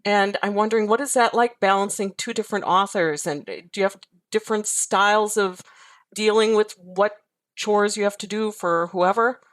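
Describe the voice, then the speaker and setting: A woman co-hosts a podcast at an ordinary mid pitch. She asks her guest thoughtful follow-up questions in an easy, conversational way. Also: moderate pace. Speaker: podcast co-host. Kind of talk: casual interview chat.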